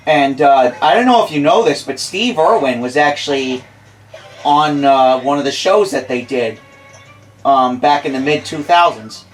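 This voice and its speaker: A man's voice: on the high side, a little slow, faint music behind, poor audio. A young American man in his twenties chatting casually over gameplay as a let's play host, rambling and self-deprecating.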